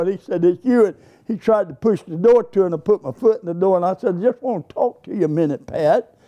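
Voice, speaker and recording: Older man, Baptist preacher, storytelling sermon, high-pitched, warm tone. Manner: folksy, acts out both sides of a dialogue.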